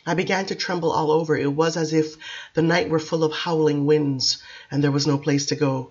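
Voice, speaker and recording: A woman's voice: sits low, fairly even intonation, moderate pace, a little mellow, lo-fi sound. Woman reading a novel aloud. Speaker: audiobook reader. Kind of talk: audiobook narration.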